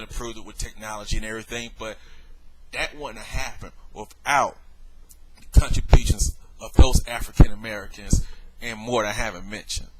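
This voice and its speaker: A man's voice: mid-range voice, a little hiss or hum, poor audio. A man in a video rebuttal, worked up, lecturing and exasperated as he speaks straight to the viewer. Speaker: vlogger.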